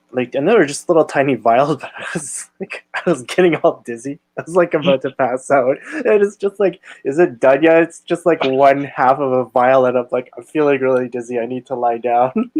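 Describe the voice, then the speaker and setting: A man's voice: on the high side, expressive, moderate pace, darkish tone, no room sound. A man chatting casually, his speech full of fillers. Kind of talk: casual chat.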